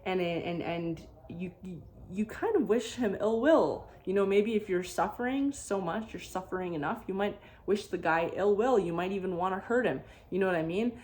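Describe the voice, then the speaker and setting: A woman's voice: mid-range voice, moderate pace, few pauses. A young adult woman vlogger telling a travel story in a casual, rambling way, full of restarts and "like". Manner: animated, rambling, frequent "like" and restarts.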